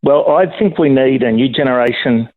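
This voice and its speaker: Over a tinny phone line, a caller chats casually with a radio presenter: a middle-aged man, enthusiastic and talkative, joking with the hosts. He speaks at a moderate pace with a medium-pitched voice, recorded on a phone.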